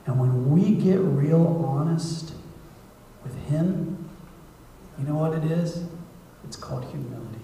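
A man's voice: on the high side, slow, long pauses, a little hiss or hum. Man preaching in an echoey church. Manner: conversational, acts out prayers and dialogue, swings from hushed to loud. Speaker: guest missionary preacher. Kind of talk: sermon. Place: church sanctuary. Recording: echoey church hall, mic at a distance.

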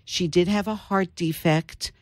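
An older woman, an author, telling her family story in an interview with thoughtful pauses. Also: on the low side, steady tone, darkish tone, no echo, studio quality. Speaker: author guest. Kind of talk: interview conversation.

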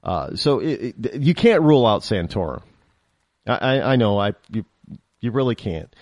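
A man hosting a political talk show, giving an animated opinion monologue and often repeating and restarting his words. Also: on the low side, moderate pace, no room sound, clean studio sound.

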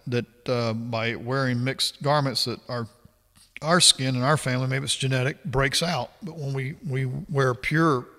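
Bright-voiced pastor in his fifties. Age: 50s. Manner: reads scripture aloud, then comments in a lower, confessional tone. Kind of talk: sermon with scripture reading. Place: church sanctuary. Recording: long hall reverb.

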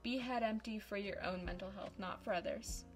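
A woman's voice: medium pitch, fairly quick, soft background music. A woman giving casual, dramatic and sarcastic commentary over a game, close on a desk microphone. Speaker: YouTuber.

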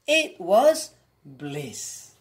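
A woman reading a children's storybook aloud in an expressive, dramatic way. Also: lowish voice, extremely slow.

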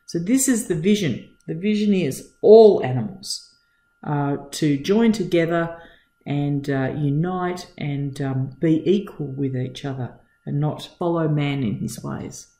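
An English teacher reading a novel aloud and explaining it in an unhurried way, with fillers like "uh" and "um". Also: medium pitch, dark tone, reverberant. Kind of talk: reading and literary analysis lesson.

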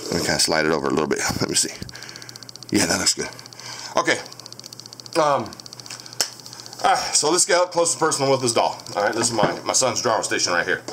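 Against a noisy background, a man with a lowish, sing-song voice talks fairly quickly but leaves long pauses. Showing haunted dolls on his channel, he swears and spars with commenters, addressing them directly in a casual monologue. The stand-mounted camera films him in a home room with dolls and a crib.

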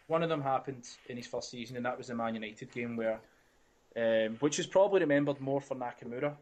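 A man's voice: mid-range voice, fast, a little mellow. A man co-hosting a podcast, giving opinions freely and swearing casually. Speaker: podcast co-host. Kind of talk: casual chat.

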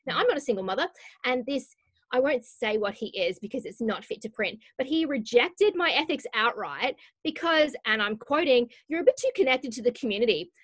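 A chatty Australian woman with a fairly high voice, talking loosely and teasing herself as an interview guest. The sound is close and dry, with no room around her. She laughs easily and keeps things informal. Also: expressive, fairly bright tone, no echo. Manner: chatty, self-mocking, quick to laugh. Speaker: guest education researcher. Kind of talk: casual interview chat.

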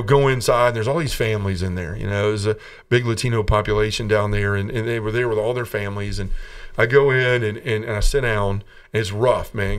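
Sitting far from the mic, a middle-aged man from the American South offers his conversion testimony in a podcast interview. His voice is low, clear and resonant, and he tells the story earnestly, playing out the voices of its people and laughing between lines.

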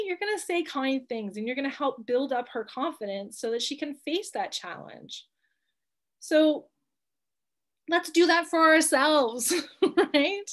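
A woman in her thirties teaching a live online class on handling emotions, chatty and reassuring, laughing often and checking in with "right?". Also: on the high side. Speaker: coach teaching emotional wellbeing.

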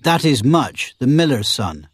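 A man's voice: medium pitch, sing-song, a little slow, breathy edge, dry recording, studio quality. A man voicing a grave, sympathetic male outlaw in a storybook reading. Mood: somber.

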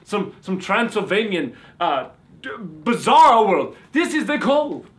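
A man's voice: high voice, very animated, a little slow, exaggerated voice. A man voicing a campy male vampire who calls himself a reformed beach boy, speaking in a hammy, theatrical manner. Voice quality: theatrical, sudden shouts. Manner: hammy, boastful. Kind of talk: comedy sketch.

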